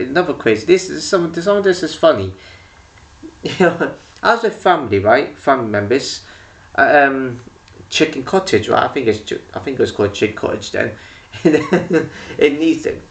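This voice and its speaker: A man's voice: medium pitch, vocal fry, a bit bright. A young man from England telling rambling stories, laughing often as he goes, recorded from some distance away from the mic. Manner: rambling, laughs often mid-story, restarts and trails off. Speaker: vlogger. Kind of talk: casual storytelling monologue.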